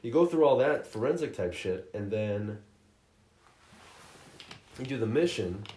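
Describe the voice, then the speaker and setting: A man talks through a game's story in a loose, profane, animated way, leaning into mocking voices as he goes. His voice sits at a middle pitch. The room around him is echoey. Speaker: podcast host reviewing a game. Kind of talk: casual chat.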